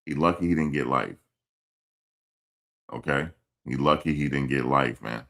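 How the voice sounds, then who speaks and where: A man hosts a casual live stream and answers chat comments. His voice sits extremely low and has a rough, gravelly fry. He talks bluntly and repeats himself as he scolds commenters. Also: measured pace, fairly bright tone. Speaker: livestream host reading chat. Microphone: streaming mic.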